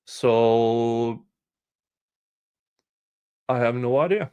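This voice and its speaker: A man hosting a livestream, casually commenting in an unhurried, halting way. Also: mid-range voice, darkish tone, smooth, dull audio. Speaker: livestream host commenting on a trial.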